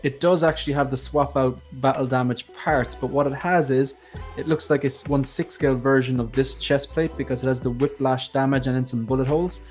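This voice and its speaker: A man's voice: medium pitch, fairly even intonation, fairly quick, hardly any pauses, faint music behind. A man with an Irish accent hosting a casual livestream, chatting and reading out viewer comments. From Ireland. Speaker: livestream host. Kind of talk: casual chat.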